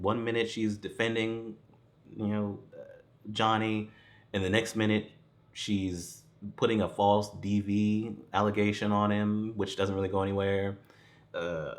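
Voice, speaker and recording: A movie reviewer rambles through a casual film review, laughing often and swearing freely. His voice is lowish and animated, at a normal speed.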